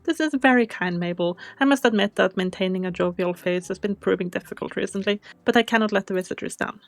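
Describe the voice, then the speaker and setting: A woman's voice: medium pitch, lightly acted. A woman voicing a formal, polite male museum curator in a game, speaking in an elaborate, courteous way.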